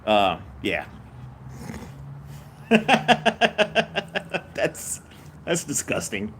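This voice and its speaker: A man's voice: on the high side, huge pitch swings, extremely slow, a bit bright, slight background noise. An older man from Tennessee with a Southern accent, hosting a casual live stream, chatting in a laid-back, easygoing way and reading viewer comments aloud with frequent chuckles. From Tennessee, USA.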